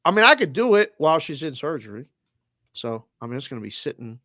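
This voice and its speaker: Lively Boston man telling a story. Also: on the high side, fast, dry recording, studio quality. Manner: animated storyteller who acts out both sides of a conversation. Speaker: co-host of a sports betting show. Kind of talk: casual chat.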